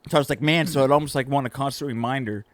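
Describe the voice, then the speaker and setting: Man, podcast co-host, casual rambling chat, mid pitch, dry close sound. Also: rapid-fire, dry recording. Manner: rambling, trailing off mid-thought.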